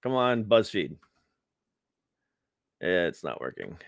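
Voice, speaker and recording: A man's voice: sits low, very animated, takes it slowly, vocal fry, no echo, clean studio sound. A man hosting a live stream, giving sarcastic, rambling commentary with laughs.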